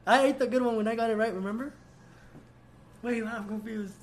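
High-voiced young man, blunt and swearing. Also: fairly even intonation, a little fast, a little hiss or hum. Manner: blunt, swearing, playfully complaining. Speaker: podcast co-host. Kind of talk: casual chat.

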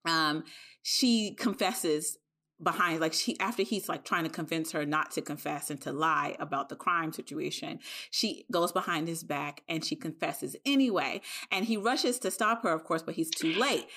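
A woman hosting a podcast, retelling a drama in an animated, emotional way. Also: low voice, moderate pace. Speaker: podcast host. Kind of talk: casual chat.

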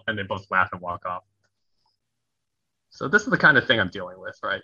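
Man with a very bright, forceful voice. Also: on the low side, a little fast, pauses often, no echo, dull audio. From United States (Wisconsin, then Tennessee). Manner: animated storyteller who acts out quoted voices and laughs at himself. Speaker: guest, conflict resolution coach. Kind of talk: podcast interview storytelling.

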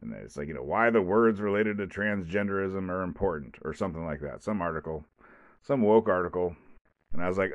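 A man's voice: deep voice, expressive, brisk, no echo. A man hosting his own podcast, talking alone in a rambling, casual way with many restarts and asides. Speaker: podcast host. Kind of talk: casual solo podcast monologue.

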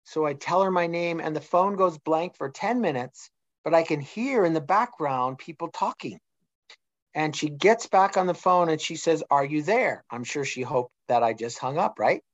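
A man's voice: fairly high pitch, lively intonation, normal speed, dry recording. Middle-aged man, storytelling, quotes dialogue, dry dull recording. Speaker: guest. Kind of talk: casual discussion. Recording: dull lo-fi sound.

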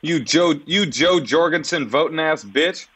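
A man's voice: on the high side, expressive, unhurried, fairly bright tone, slightly rough. A male podcast co-host in comedy banter, roasting callers in a mock-earnest way.

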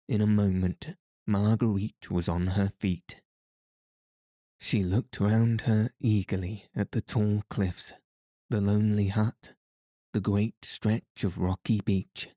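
A man's voice: fairly low pitch, fairly even intonation, warm tone, no room sound, studio quality. A man reading a bedtime story aloud as a sleep podcast narrator, in a soothing way. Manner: slow, soothing.

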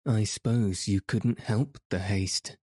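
A man's voice: fairly low pitch, slow pace, dark tone, husky, no room sound, studio quality. A man reading a storybook, voicing an earnest young girl who asks questions and scares easily. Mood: curious.

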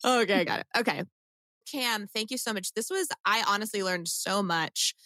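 A woman co-hosting a podcast, chatting casually and warmly praising her guest. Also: mid-range voice, moderate pace, dry recording. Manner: laughs often, effusive. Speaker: podcast co-host.

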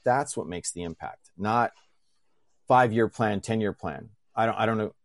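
Man, low voice, dry close recording, earnest, reflective. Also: normal speed, no room sound. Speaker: guest speaker. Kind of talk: motivational talk.

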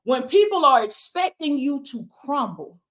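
A woman's voice: high-pitched, big pitch swings, moderate pace, fairly bright tone. A woman preaching fervently in a Black church style, peppering her lines with "baby" and "come on now" in a call-and-response rhythm. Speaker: life coach and preacher. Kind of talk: preaching on a livestream.

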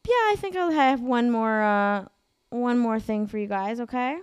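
Loud-mouthed lady podcast host, smooth clear voice, dry close sound, jokes nonstop. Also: fairly high pitch, lively intonation, measured pace, dry recording. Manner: brash, crude, joking. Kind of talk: casual podcast chat.

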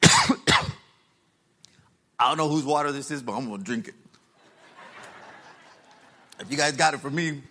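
Bright-voiced Chicano pastor telling his story. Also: medium pitch. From Los Angeles, USA. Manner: street slang, rising to loud emotional peaks. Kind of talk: sermon testimony.

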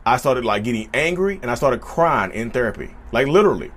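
A man's voice: medium pitch, big pitch swings, a little fast, fairly bright tone. A man vlogging in a casual storytelling way, chatty and repetitive, often turning to his viewers directly. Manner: chatty, repetitive, keeps addressing viewers as y'all.

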